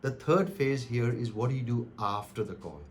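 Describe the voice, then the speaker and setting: A man's voice: mid-range voice, normal speed, slight background noise. A man coaching on cold calling, talking emphatically and acting out sample calls. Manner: animated, emphatic, acts out calls. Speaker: sales coach. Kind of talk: direct-to-camera coaching talk.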